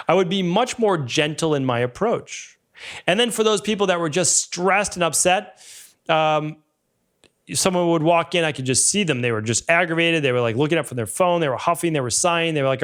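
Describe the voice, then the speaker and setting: A man's voice: on the high side, animated, a little fast. A man in his forties hosting a solo podcast, telling stories and acting out client conversations. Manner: storytelling, acts out client exchanges in quoted voices. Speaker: podcast host, health practitioner. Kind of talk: casual solo podcast talk.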